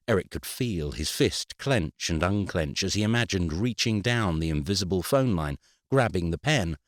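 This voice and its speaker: Male audiobook reader, very deep, lively wry delivery, dry close sound. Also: dry recording. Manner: wry, expressive storytelling. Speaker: audiobook narrator. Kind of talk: scripted narration.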